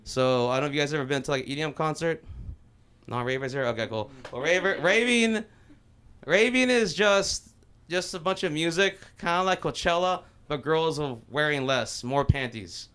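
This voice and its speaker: Smooth-voiced young guy doing stand-up. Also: fairly high pitch, moderate pace, a bit bright. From Los Angeles. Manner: loose, rambling, profane storytelling. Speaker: stand-up comedian. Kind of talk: open mic stand-up set. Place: small comedy club.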